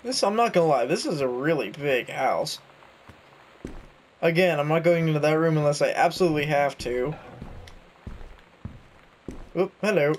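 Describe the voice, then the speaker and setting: A man's voice: on the high side, lively intonation, normal speed, long pauses. A young man chatting and joking through a video game, reading notes aloud as he goes. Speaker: gaming YouTuber. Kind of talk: let's play commentary.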